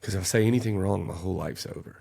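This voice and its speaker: A man's voice: deep voice, rapid-fire, creaky, warm tone, slightly rough. A man, a podcast guest telling his story in an earnest, casual way and getting worked up as he retells events.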